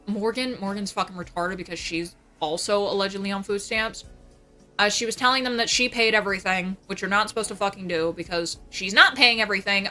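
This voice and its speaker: A young woman livestreamer venting in casual chat about family drama, swearing constantly and talking fast. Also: mid-range voice, pushed and bright. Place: home.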